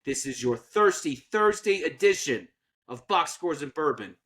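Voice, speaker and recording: A man's voice: a little high, very animated, measured pace, fairly bright tone. A man co-hosting a sports podcast, ranting sarcastically and putting on mocking voices. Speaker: podcast co-host. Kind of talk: opinionated sports podcast rant.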